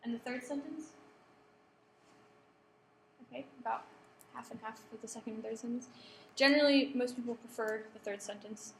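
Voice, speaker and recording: A woman's voice: fairly high pitch, moderate pace, gravelly. Woman lecturing in an echoey room. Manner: checks in with the audience, polls the room. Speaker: workshop presenter. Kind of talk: lecture to students. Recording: echoey room, faint background hum.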